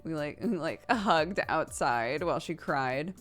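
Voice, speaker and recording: A woman streamer telling a story in casual chat, animated and full of acted-out quotes. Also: deep voice, a little slow, faint music behind.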